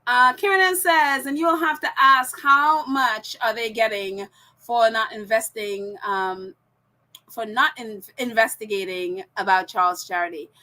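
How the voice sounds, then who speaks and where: Woman podcast host, high and bright, chatty ranting delivery with lots of laughs. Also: measured pace. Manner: ranting, laughs often between phrases. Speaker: podcast host reading viewer comments. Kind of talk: casual opinion chat.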